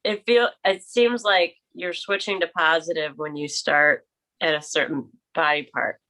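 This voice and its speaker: A woman's voice: deep voice, fairly even intonation, measured pace, bright, forceful tone. A woman taking part in a workshop, asking questions hesitantly and searching for her words. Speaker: workshop participant.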